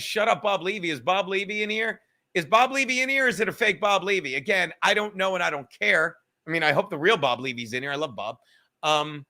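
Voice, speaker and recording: A man's voice: high-pitched, sharp tone. A man hosting a live-stream podcast, reading the chat aloud and ranting in a combative, profane, mocking way from a studio. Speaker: podcast host.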